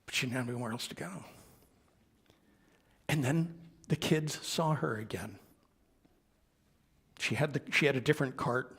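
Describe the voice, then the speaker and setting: Man telling a story from the pulpit, gravelly and husky. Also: medium pitch. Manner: gentle anecdotal storytelling with quoted dialogue. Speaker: minister. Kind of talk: storytelling sermon.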